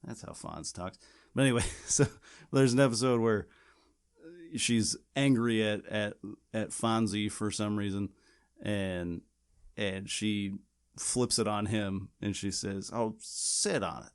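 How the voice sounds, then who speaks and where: A man's voice: fairly low pitch, steady tone, slow, clear, resonant tone. A man co-hosting a podcast, chatting casually and rambling with many restarts and fillers. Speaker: podcast co-host. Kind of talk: casual chat.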